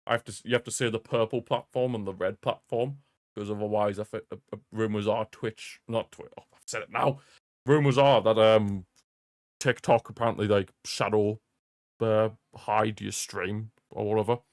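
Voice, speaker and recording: A young man with a lowish voice talks through a football match for his stream, mixing running commentary with rambling banter. He laughs easily and circles back to repeat his own lines when something amuses him. The sound is close and dry, with no room echo, as from a desk microphone. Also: steady tone, normal speed. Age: young adult. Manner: chatty, laughs often, repeats himself, jokey rants. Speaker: streamer hosting a football watch-along. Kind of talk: live match commentary and casual chat. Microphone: streaming desk mic.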